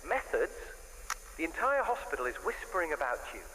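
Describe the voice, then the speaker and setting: A man's voice: on the high side, sing-song, fairly quick, a crowd in the background, poor audio. An actor playing a reproachful, indignant male doctor confronting a colleague in a game. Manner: reproachful, urgent.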